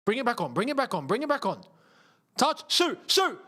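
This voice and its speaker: A young man talks through a live football match for his viewers, using casual slang. His voice sits high and swings widely, and he bursts into yells whenever a chance goes begging. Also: very fast. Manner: excitable, shouts at chances, chatty slang. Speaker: football channel host. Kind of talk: live match watchalong commentary.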